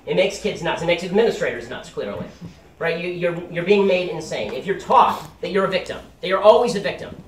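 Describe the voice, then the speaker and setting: A man's voice: high voice, lively intonation, brisk, a little hiss or hum. A young man giving a sarcastic, combative political speech to a live audience. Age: young adult. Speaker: campus speaker. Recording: roomy hall, mic at a distance.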